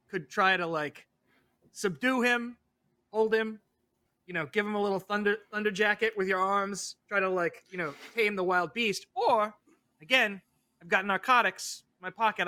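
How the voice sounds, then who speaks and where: A man with a high, bright voice joking his way through a tabletop role-playing game. He hesitates and stumbles over fillers, then lands on a playful idea. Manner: hesitant, many ums, playful. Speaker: player. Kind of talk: comedic tabletop role-play.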